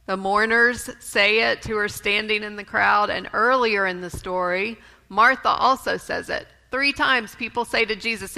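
A woman preaching a sermon in a church, speaking in a measured way and quoting scripture. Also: medium pitch, steady tone, creaky, pushed and bright. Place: church sanctuary. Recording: long reverb of a church sanctuary.

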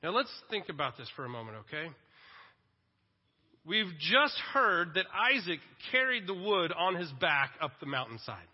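A man in his forties preaching a sermon, telling the story in an animated way with self-deprecating humor. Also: high voice, normal speed, breathy edge. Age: 40s. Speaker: pastor. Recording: dull echoing hall recording.

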